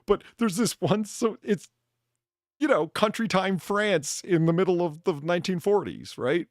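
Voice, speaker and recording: A man's voice: high voice, expressive, moderate pace, dry recording, clean studio sound. A man hosting a casual chat, telling stories animatedly and laughing often. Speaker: streamer bartender host.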